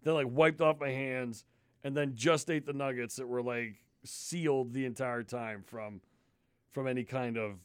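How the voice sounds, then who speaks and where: A man's voice: mid-range voice, unhurried, smooth, no echo, clean studio sound. A man telling a disgusted, swear-filled story in casual podcast chat. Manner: animated, swears constantly, disgusted ranting. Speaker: podcast host.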